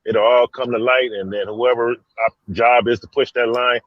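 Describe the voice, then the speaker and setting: A man's voice: medium pitch, steady tone, moderate pace, dry recording, highs cut off. A man calling in to a casual live-stream chat from a vehicle on the freeway, blunt and laid back in his talk. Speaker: caller.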